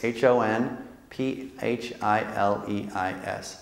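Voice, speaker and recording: Speaking slowly in a fairly low, creaky voice, a male Jesuit priest entertains a hall audience with an animated, jokey faith talk. He acts out quotations and keeps ending lines with "right?", while the room's long reverb echoes around him.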